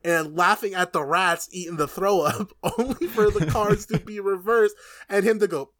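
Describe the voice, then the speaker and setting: A man casually recapping an anime episode with friends, animated and profane, laughing often. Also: sits high, normal speed, dry recording, clean studio sound.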